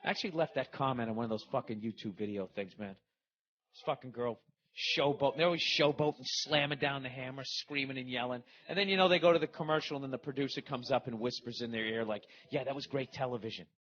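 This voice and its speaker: A man's voice: medium pitch, fast, a bit bright. A middle-aged man hosting a podcast, delivering a profane, heated, rambling comedic rant. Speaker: podcast host. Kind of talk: ranting comedic monologue. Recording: dull lo-fi recording.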